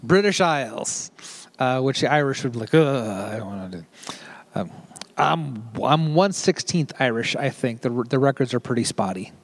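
A man's voice: medium pitch, expressive, creaky. Chatty, joking middle-aged male preacher. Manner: chatty and joking, with quick asides. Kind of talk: casual sermon.

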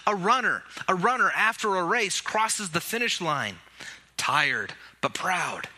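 A male pastor with a piercingly bright, somewhat high voice delivers an Easter sermon. He preaches with animated emphasis and rallies his congregation to shout back. His voice is starting to give out. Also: a little slow. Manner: animated preaching, leads the congregation in call-and-response. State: voice giving out.

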